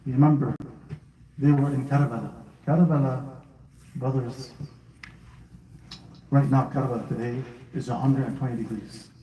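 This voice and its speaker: A man's voice: mid-range voice, fairly even intonation, normal speed, pauses often, warm tone, a little hiss or hum. Man telling a story to children in an echoey hall. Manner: asks the children questions, building to emotional recitation. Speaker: speaker at a children's majlis. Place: house gathering hall. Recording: echoey room, speaker far from mic.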